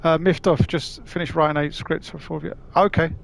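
A man's voice: on the high side, steady tone, fairly quick, creaky, slight background noise. A man chatting casually to his live-stream audience as he plays, rambling, swearing and using slang. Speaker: gaming streamer.

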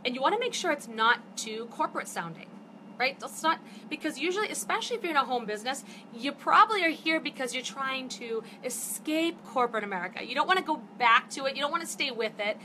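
Fifties lady chatting on a live stream, bright punchy voice, kinda high, gets all fired up. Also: lively intonation, quick pace, slight background noise. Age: 50s. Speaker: network marketing host. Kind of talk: casual live-stream talk. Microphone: phone or webcam for a live stream.

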